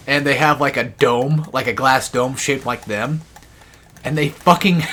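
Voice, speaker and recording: A young man chatting casually while playing a co-op game, retelling cartoon scenes with frequent laughs. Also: fairly bright tone. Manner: rambling storyteller, laughing, quoting cartoon lines in high put-on voices. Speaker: co-op gamer. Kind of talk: casual chat while gaming.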